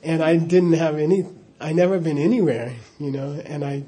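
Mellow-voiced man telling a rambling story. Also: a little high, normal speed. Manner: rambling, chuckling, full of "you know" asides. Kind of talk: casual spoken anecdote.

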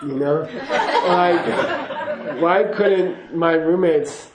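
A man's voice: fairly high pitch, very slow, roomy sound, crowd noise, noisy background. A man giving a casual spoken teaching to a class, chatty and laughing, often checking in with "okay?". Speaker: Buddhist teacher.

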